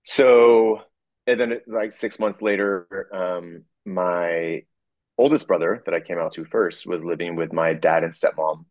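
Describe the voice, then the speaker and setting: A man telling a personal story in a halting way, full of fillers, restarts and small chuckles. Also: low-pitched, dry recording.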